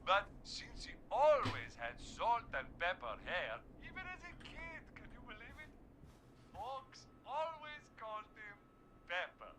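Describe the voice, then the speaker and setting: A man's voice: sits high, big pitch swings, a little slow, noisy background. A man voicing an over-eager caller who rambles chattily before plugging a pizza place. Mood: chatty. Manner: chatty, rambling, sing-song.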